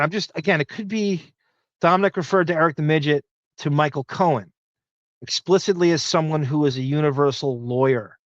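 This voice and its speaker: A man with a Long Island accent hosts a podcast, chatting loosely and cursing as he thinks aloud over listener comments. His voice sits a bit high. The sound is dull and lo-fi, with a dry, close feel. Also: no echo. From Long Island, New York. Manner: rambling, profane, thinking aloud. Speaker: podcast host. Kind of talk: casual live chat reading listener comments.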